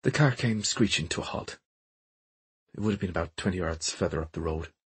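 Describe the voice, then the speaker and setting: A man's voice: sits low, animated, brisk, husky, no echo, full character voice. A man voicing a serious Irish nanny in her thirties, telling her story earnestly. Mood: recounting.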